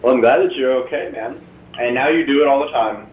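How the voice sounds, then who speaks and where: A man hosting a casual podcast chat, asking short questions and reacting quickly. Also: mid-range voice, roomy sound, narrow, tinny audio. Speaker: podcast host.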